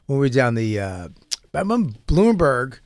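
A man telling crude stories in casual chat and loudly acting out the people in them. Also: mid-range voice, normal speed, no room sound, clean studio sound. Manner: crude, animated storyteller who acts out quotes loudly.

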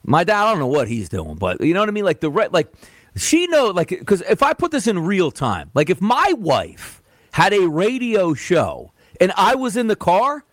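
A man co-hosts a sports radio show in loose, rambling chat stuffed with fillers and restarts. His voice sits a little high and leaps around in pitch. The sound is dry and close with no room around it. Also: wildly swooping pitch, normal speed, no room sound. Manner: rambling, filler-heavy, lots of "like". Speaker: sports betting show co-host.

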